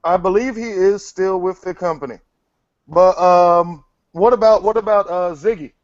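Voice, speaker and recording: A man hosts his own interview show, speaking in a voice that sits high with a darkish tone at a moderate pace. He's blunt, teasing, and profane with his guest in casual chat, and the audio is dry, muffled, and lo-fi.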